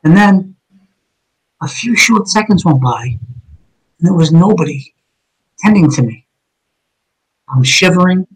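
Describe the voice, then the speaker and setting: A man's voice: high voice, expressive, unhurried, long pauses, husky, low-quality recording. A man, a police officer, telling his own story in a conversation, blunt and emphatic with heavy cursing.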